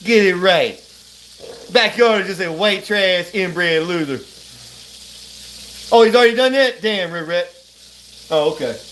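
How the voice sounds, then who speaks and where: A man with a high-sitting, fairly bright voice talks in an animated but unhurried way, pausing often, while he cooks at home. He chats loosely on a livestream recorded on his phone, drawling, rambling and laughing a lot. Food fries and sizzles in the background, and there's a little hiss or hum.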